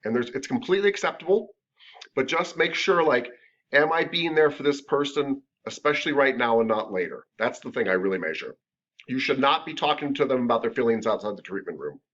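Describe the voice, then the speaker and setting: A man's voice: medium pitch, animated, a little fast, a bit bright. A man teaching a massage therapy class in a casual, joking, conversational lecture. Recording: dull lo-fi lecture recording.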